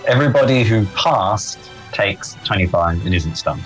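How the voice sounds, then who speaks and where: A man with a low voice casually explains his spell and targets as a tabletop player. Faint game music hums behind him. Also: lively intonation, moderate pace, low-quality recording.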